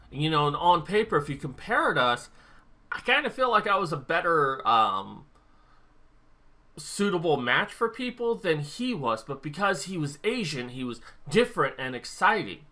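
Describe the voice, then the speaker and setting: A young man talks to his camera in a loose, rambling way, working out his thoughts as he goes. His tone is very bright and sharp, and it stays edgy from start to finish. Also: fairly high pitch. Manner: rambling, thinking aloud. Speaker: vlogger. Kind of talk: casual talk-to-camera monologue.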